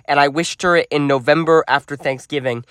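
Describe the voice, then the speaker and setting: A man's voice: fairly high pitch, brisk, fairly bright tone, no echo, clean studio sound. A man co-hosting a podcast in casual chat, chiming in with jokes and his own stories. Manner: joking, chiming in. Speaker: podcast co-host.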